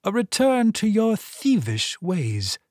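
Guy putting on a bossy older lady leader in an audiobook, higher and slow, stern. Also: wildly swooping pitch, darkish tone, no room sound, clean studio sound, full character voice. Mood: commanding. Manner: stern, imperious, measured. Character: commanding older woman religious leader. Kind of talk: audiobook character voice.

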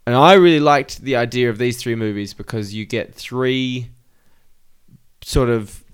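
A man with a smooth, clear voice co-hosts a relaxed movie podcast. He chats casually and teases his co-host in playful back-and-forth banter. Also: medium pitch, measured pace. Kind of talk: casual chat about movies.

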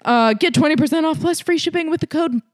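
A woman's voice: high-pitched, quick pace, no room sound. A young woman co-hosting a podcast, chatting crudely and joking, also reading a sponsor ad. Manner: crude, jokey, loose delivery. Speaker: podcast co-host. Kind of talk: casual chat and read sponsor ad.

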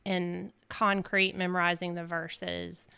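Woman host, smooth low voice, affirming and reflective. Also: level tone, slow, bright, forceful tone. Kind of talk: casual faith conversation.

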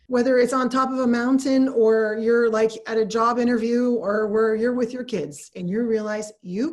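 A woman's voice: fairly high pitch, a little mellow. A middle-aged woman in casual conversation, telling a story and acting out her own thoughts in quoted lines.

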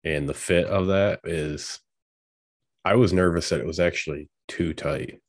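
A man with an extremely deep voice, recorded close and dry with no room sound. He talks in casual chat, halting and hesitant, filling his pauses. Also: no room sound.

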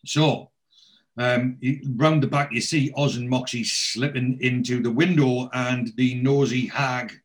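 A man's voice: medium pitch, fairly even intonation, a little slow. A man in casual chat, retelling a TV episode scene by scene and lightly acting out the characters' lines.

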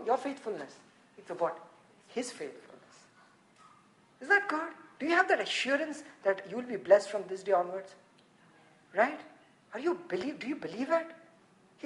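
A woman preaching a sermon, animated and laughing often, sometimes rising to shouts. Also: sits high, echoey room.

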